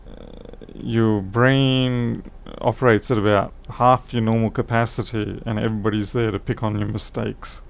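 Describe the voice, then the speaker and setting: Tired man with a gravelly voice. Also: on the low side. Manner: chatty, thinks aloud while working. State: tired, voice fading. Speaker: live streamer repairing laptops. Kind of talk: casual live stream chat.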